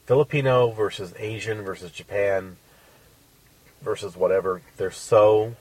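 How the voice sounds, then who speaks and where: A man on a podcast casually telling a crude dating story, animated and swearing. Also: lowish voice, a little slow, recorded from a distance, rough recording. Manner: crude, animated, acts out quotes.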